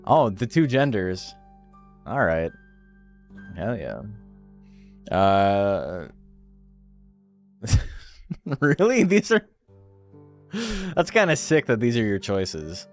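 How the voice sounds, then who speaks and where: A man's voice: on the low side, sing-song, extremely slow, pauses often, soft background music. A man casually commentating a game stream, reading game text aloud with wry, offhand remarks.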